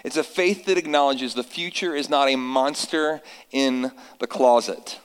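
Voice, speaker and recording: A man, likely in his thirties, preaching a sermon to his congregation, telling family stories and reading scripture slowly for emphasis. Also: mid-range voice, clear, resonant tone, big-room sound, poor audio. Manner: earnest, storytelling with slow emphatic scripture reading. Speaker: pastor.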